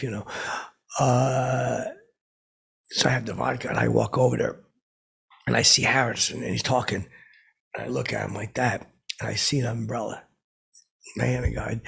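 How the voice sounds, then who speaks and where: Casting note: a man playing a washed-up DJ, very gravelly and raspy, rambling and oblivious. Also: mid-range voice, fairly bright tone, heavily acted. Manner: rambling, self-interrupting, stammering repeats. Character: boastful washed-up male radio DJ, oblivious. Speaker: comedy podcast host playing a character. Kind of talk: rambling comic storytelling.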